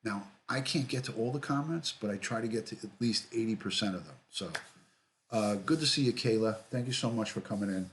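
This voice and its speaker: Relaxed New man reading live chat. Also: fairly low pitch, a little fast, slight background noise. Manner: relaxed, repeats himself, greets viewers by name. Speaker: livestream host, retired detective. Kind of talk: casual livestream chat reading comments.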